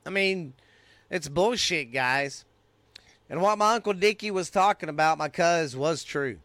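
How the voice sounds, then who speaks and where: Getting more heated as he goes, a fired-up, middle-aged Texan podcast host from the United States rants into the mic, swearing freely. His bright, forceful voice is a little higher than most men's, expressive and unhurried. The sound is dry and close, with no room sound.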